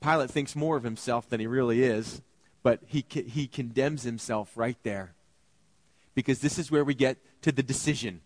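A male pastor delivering an animated sermon, acting out biblical characters in shifting voices. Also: mid-range voice, normal speed, dry recording.

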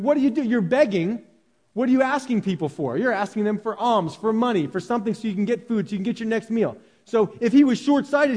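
A high-pitched man preaches a sermon from a church sanctuary. His delivery swings between loud, raised cries and quiet, hushed lines. A long reverb from the big hall trails after his voice. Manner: animated, swings from shouting to hushed. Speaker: pastor.

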